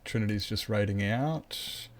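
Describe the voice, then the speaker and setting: In a lowish voice at a measured pace, a man livestreams a game. He rambles to himself, greets and chats with viewers in a relaxed way, and talks to his cat.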